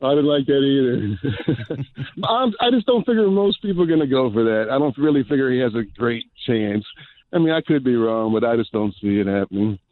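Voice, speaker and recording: A man's voice: mid-range voice, lively intonation, a little fast. A man calling in to a radio show, talking in a plain-spoken, hesitant way. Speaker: caller. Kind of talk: phone-in call. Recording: tinny phone line.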